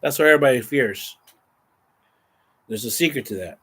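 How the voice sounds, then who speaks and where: A man vlogging, telling a rambling, animated story casually to the camera. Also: mid-range voice, moderate pace, breathy edge. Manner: rambling, animated, exaggerating for effect.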